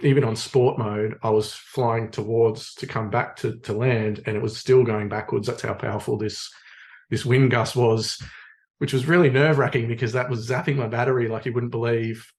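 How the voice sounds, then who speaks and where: Relaxed Australian man telling stories. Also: mid-range voice, normal speed. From Sydney, Australia. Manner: relaxed, rambling, many fillers. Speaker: podcast guest, photographer. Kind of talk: casual storytelling in conversation.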